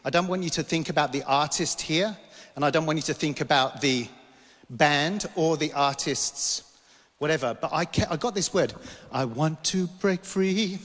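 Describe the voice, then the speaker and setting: A British man preaching a sermon. He tells a personal vision in a meandering way, stopping himself and tossing in jokes. His voice sits a little high for a man, and it carries a long reverb from a large hall. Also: moderate pace, a bit bright. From Britain. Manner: storytelling, rambling, self-interrupting, joking asides. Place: church hall.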